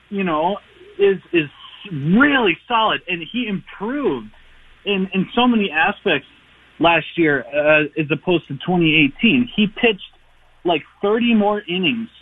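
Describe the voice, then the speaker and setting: A man calling in to a sports radio show, eager and rambling as he argues his point. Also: high-pitched. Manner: eager, rambling, friendly teasing. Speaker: caller. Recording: tinny phone line.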